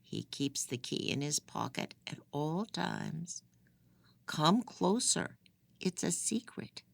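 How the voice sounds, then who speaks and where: The audiobook reader voicing a frail, unhinged old female prisoner with a raspy voice. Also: medium pitch, lively intonation, takes it slowly, voice pushed up, exaggerated voice. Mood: secretive. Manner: menacing, then shrieking. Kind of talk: audiobook character voice.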